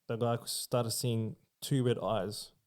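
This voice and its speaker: With a medium, fairly even pitch and a darkish tone, this Australian man takes his time. He's a podcast guest casually meandering through creepy tales, using plenty of curse words and fillers.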